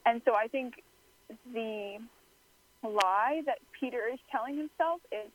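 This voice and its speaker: A woman's voice: on the high side, unhurried, highs cut off, a little hiss or hum. A woman talking things through in casual conversation, thoughtful and searching for words. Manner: thoughtful, many fillers and restarts. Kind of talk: casual chat.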